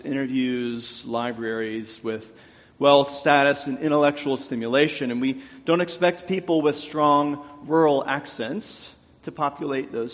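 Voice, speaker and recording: Man, preacher, faint southern accent, slightly high voice, long church reverb, muffled sound. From North Louisiana. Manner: measured, deliberate delivery with pauses in lists. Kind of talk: sermon. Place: church sanctuary.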